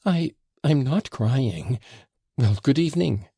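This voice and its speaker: A man reading the part of a frantic, wildly emotional young man, in halting, choked outbursts. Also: mid-range voice, animated, mellow, husky, dry recording, studio quality, pitched above the performer's own voice, heavily acted. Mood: agitated.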